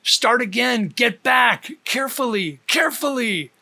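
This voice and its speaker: A man's voice: very high-pitched, lively intonation, a little slow, gravelly, sharp tone, voice pushed up, full character voice. A man voicing a frightened police officer who calls people to safety during a storm, urgent and pleading.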